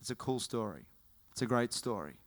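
A man preaching a sermon, telling the story in an animated way and often correcting himself mid-sentence. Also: medium pitch, brisk. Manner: animated, with frequent self-corrections.

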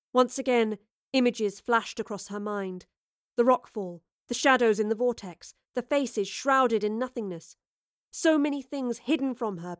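A woman reading a story aloud in a steady, even narration. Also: on the high side, dry recording, clean studio sound. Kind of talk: audiobook narration.

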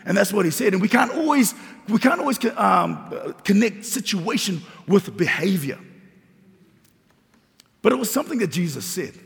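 Male pastor preaching, raspy high voice, repeats lines for emphasis, big reverberant church. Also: very animated, normal speed, a bit bright. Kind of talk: sermon. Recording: long reverb of a large hall.

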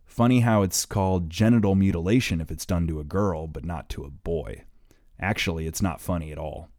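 A man's voice: low voice, brisk, a little mellow, no room sound. A man narrating his own audiobook in a matter-of-fact, opinionated way, close to the mic.

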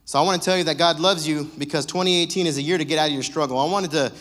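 A man's voice: on the high side, racing, a bit bright. A young man preaching a sermon in a casual, joking, conversational way. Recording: long reverb of a church hall.

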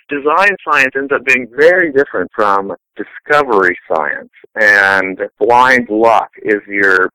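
Bright, crisp-voiced storytelling man. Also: lowish voice, no echo, poor audio. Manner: rambling anecdotal storyteller. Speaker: scientist guest. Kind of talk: casual conversational interview.

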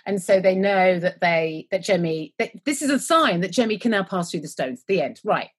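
Chatty woman with a husky voice. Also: fairly low pitch, lively intonation. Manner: chatty, rambling, quick to joke, trails off mid-word. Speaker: podcast co-host. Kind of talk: casual chat recapping a TV episode.

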